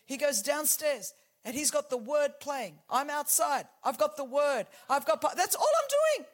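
A woman in her forties delivers a fervent sermon in a high, bright voice. She drops to near-whispers for intimate points, then rises to shouted declarations. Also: animated, moderate pace. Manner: passionate, swings from hushed to shouting. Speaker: preacher.

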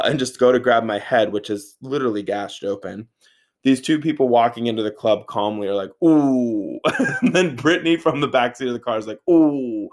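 A man in his thirties telling a casual, animated story, swearing freely and saying "like" a lot. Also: medium pitch. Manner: animated, profane, filler-heavy with frequent "like".

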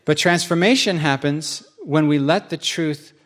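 A man's voice: on the high side, unhurried. A man preaching a sermon in a church, speaking conversationally and acting out quotes with rising emphasis.

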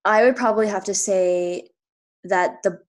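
A woman's voice: medium pitch, a little slow. A woman from Canada in her thirties telling a travel story in a chatty, casual way, full of fillers and little laughs. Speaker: guest.

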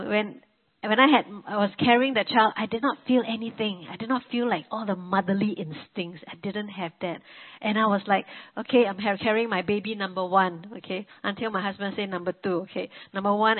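A woman's voice: mid-range voice, fairly even intonation, brisk. Woman preaching over a tinny, phone-like line. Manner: conversational, with frequent "you know" and restarts. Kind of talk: testimony-style sermon. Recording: narrow phone-like sound.

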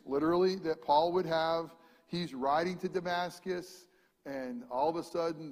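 Male pastor, animated sermon delivery, slightly high voice, long reverb of a large hall. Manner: animated preaching, shifts between loud emphasis and hushed asides.

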